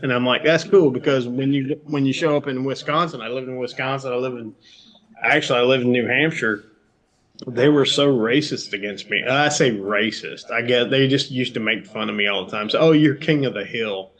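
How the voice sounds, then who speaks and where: A middle-aged man from Georgia with a Southern US accent, chatting as a guest on a remote call, telling animated stories and swearing freely. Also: mid-range voice, fairly quick. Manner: animated storyteller, swears freely, jumps between topics. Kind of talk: casual chat.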